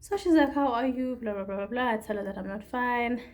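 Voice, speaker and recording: A woman's voice: on the high side, brisk, darkish tone. A young woman from Africa, talking through a candid, rambling personal video diary. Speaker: vlogger.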